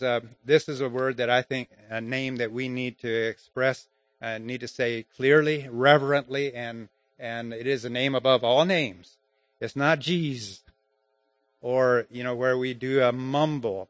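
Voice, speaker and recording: A man teaching grammar and public speaking in an informal lesson, halting and restarting often, with chuckles between points. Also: medium pitch, fairly bright tone, no echo.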